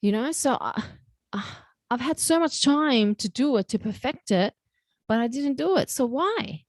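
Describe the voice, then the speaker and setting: A woman hosting her own podcast, talking in a chatty, joking, animated way. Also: sits high, a little slow, dry recording. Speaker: podcast host. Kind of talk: casual solo podcast talk.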